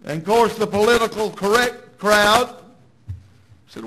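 Male preacher, emphatic sermon delivery, breathy and high. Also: measured pace, sharp tone, rough recording. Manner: dramatic, emphatic storytelling.

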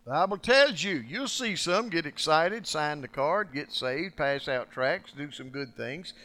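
A male preacher delivers a sermon with a bright, slightly raised voice. He acts out quoted speech and swings dramatically from loud outbursts to hushed, soft lines. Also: a little high, expressive, a little slow.

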